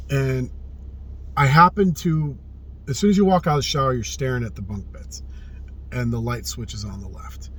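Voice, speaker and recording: A man telling a personal story in casual spoken style, earnest and often hushed, swearing freely and repeating phrases for emphasis. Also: mid-range voice, slight background noise. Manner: often drops to a hushed, subdued tone.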